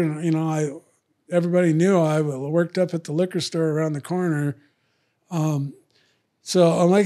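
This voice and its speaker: A man's voice: a little high, steady tone, normal speed, dark tone. Blunt, profane man telling stories. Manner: blunt, profane, acts out both sides of arguments. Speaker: guest. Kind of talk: casual storytelling.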